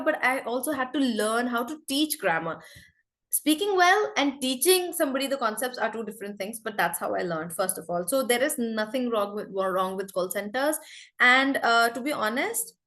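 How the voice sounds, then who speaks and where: A woman from India in her forties leads an online English class over a video call. Her voice sits a little high, and she talks in a lively, encouraging way, calling on students often. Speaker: spoken English teacher.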